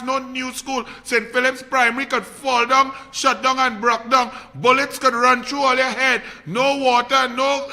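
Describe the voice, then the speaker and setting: A man putting on a shrill Trinidadian satirical ranter. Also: bright, forceful tone, exaggerated voice. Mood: mocking. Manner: sarcastic, sing-song, preachy. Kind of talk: political satire rant.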